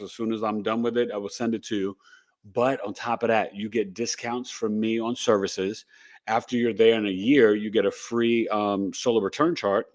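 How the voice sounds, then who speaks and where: A middle-aged man talks loosely to his live viewers as host of an astrology show. He rambles from topic to topic in an upbeat, chatty way, with a voice of ordinary male pitch. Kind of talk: casual livestream chat.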